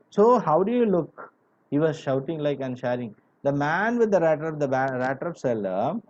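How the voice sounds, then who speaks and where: A man's voice: medium pitch, dark tone, highs cut off. A male teacher explaining a story line by line to a class, paraphrasing words and checking that students understand. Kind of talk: classroom literature lesson.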